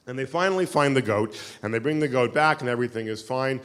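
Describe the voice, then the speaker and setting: A man's voice: medium pitch, fairly quick, few pauses, clean tone. A man giving a keynote lecture, telling stories in a chatty, self-deprecating way with lots of fillers. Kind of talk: live lecture with audience questions. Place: synagogue hall. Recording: reverberant hall.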